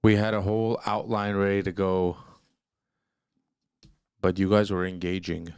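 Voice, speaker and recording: Male co-host, low voice, dry sound, loose and joking. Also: flat delivery, unhurried, darkish tone, clean tone, dry recording. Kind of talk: livestream discussion.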